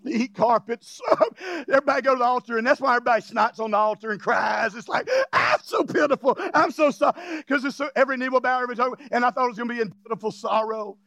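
A man preaching, his voice pitched unusually high for a man, with a gravelly edge. He swings between emphatic shouted points and jokey asides. The sound is close and dry. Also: fairly even intonation, racing, dry recording. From Louisiana. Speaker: pastor. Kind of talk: sermon.

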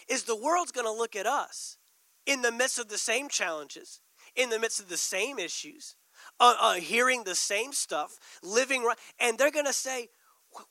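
A man pastor preaching a sermon with emphatic delivery, slowing words down for stress. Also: high voice, pushed and bright, no room sound, poor audio.

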